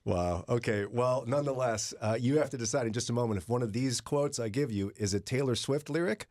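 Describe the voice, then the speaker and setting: A man's voice: medium pitch, fairly quick, darkish tone, no room sound. A man hosting a morning radio show in a studio, chatty and joking with his co-hosts. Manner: chatty, jokey, laughs often. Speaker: radio host.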